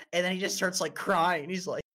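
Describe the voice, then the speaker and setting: Young North American man, casual co-host, profane and animated, prone to sudden pitch spikes. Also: moderate pace. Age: 20s. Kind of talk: casual chat.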